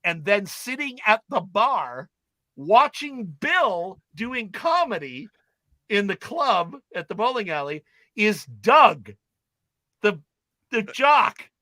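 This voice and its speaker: Bright, animated storyteller man. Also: sits high, takes it slowly, no room sound. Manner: acts out characters' lines while retelling scenes. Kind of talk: animated storytelling in casual chat.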